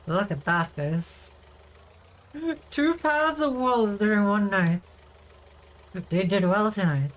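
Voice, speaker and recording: A woman's voice: medium pitch, expressive, slow, long pauses. Woman streamer, casual gameplay chatter, talks straight to chat, mid-range voice.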